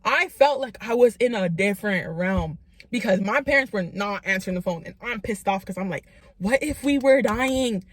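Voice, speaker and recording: A young woman telling a true story to her viewers in an animated, slangy way, often calling them "y'all". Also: medium pitch, fairly quick, dry recording. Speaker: vlogger. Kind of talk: storytime vlog.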